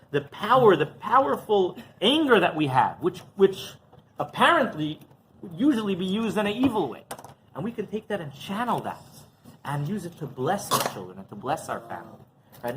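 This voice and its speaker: Rabbi giving a sermon, lively rising and falling pitch, keeps asking "right?", faint noise behind. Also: male voice. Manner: restarts and repeats words.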